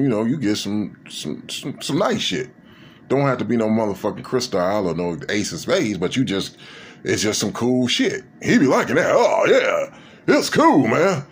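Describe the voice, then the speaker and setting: A man's voice: mid-range voice, husky. A man talking to camera in a casual reflective monologue, rambling and profane, with many fillers. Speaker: vlogger.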